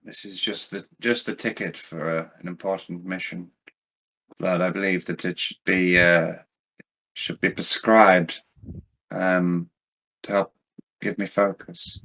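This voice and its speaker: A man's voice: low-pitched, steady tone, a little slow, pauses often, a bit bright, poor audio. A man playing a tabletop game online, chatty and enthusiastic. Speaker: player. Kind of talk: casual chat and in-character play. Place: remote online session.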